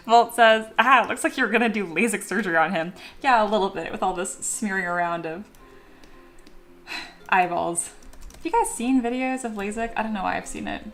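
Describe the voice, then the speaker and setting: A woman's voice: mid-range voice, a little slow, pauses often, fairly bright tone, soft background music. A young woman chatting casually on her sculpting livestream, reading viewer comments aloud and laughing often. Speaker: 3D sculpting streamer.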